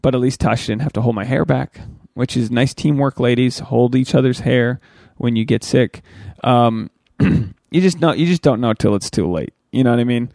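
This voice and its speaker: A man in his thirties hosting a solo podcast, rambling crude stories in a loose, animated way with sudden jumps up in pitch. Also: moderate pace, vocal fry, no echo, studio quality. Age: 30s. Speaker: podcast host.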